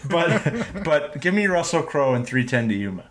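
Halting, self-deprecating man host. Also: fairly high pitch, sing-song, a bit bright. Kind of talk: casual podcast chat.

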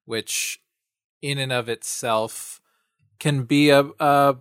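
A man co-hosting a podcast who talks through a film critique in a thoughtful, analytical way, with pauses and fillers. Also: mid-range voice, steady tone, a bit bright, clear, resonant tone, no echo, clean studio sound. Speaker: podcast co-host. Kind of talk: casual film discussion.

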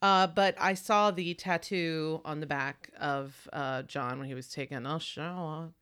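A woman's voice: deep voice, fairly even intonation, a little slow, fairly bright tone, smooth. A woman co-hosting a casual movie-talk show, chatty and opinionated, swearing freely. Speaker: podcast co-host.

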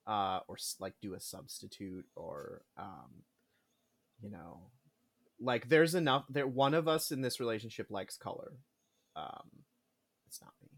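A man joining a podcast as a guest in casual chat, trading wry, quick-witted banter. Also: on the low side, vocal fry.

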